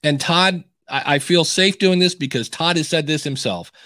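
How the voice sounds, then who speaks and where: A man hosting a podcast advice show, chatting in a lively, animated way with frequent restarts. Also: fairly high pitch, normal speed, no echo, studio quality. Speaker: podcast coach and host. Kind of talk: casual podcast advice chat.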